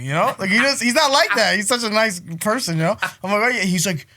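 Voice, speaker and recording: Bright-voiced man laughing through a story. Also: sits high, animated, a little fast. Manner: profane, laughing, does mock voices of friends. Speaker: podcast co-host. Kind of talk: casual chat, storytelling.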